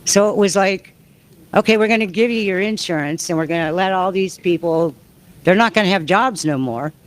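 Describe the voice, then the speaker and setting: A woman's voice: on the low side, normal speed. A woman and union member speaking on a panel, emphatic, acting out quotes as she tells her story. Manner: emphatic, acts out dialogue while telling. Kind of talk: panel talk.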